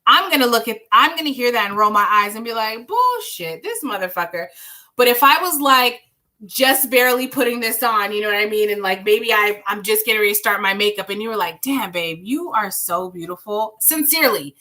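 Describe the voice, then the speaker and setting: A woman's voice: on the high side, fast talker, pushed and bright. A young woman giving tarot readings on a live stream, chatty and rambling, talking straight to her viewers. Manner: chatty, rambling, reassuring, sings bits of songs. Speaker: tarot reader.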